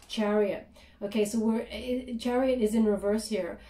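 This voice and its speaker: Tarot reader, female, chatty and hesitant with lots of ums; voice mellow, mic distant. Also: on the high side, normal speed, reverberant, a little hiss or hum. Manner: chatty, hesitant, many fillers, drops to soft murmured prayers. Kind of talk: tarot reading monologue.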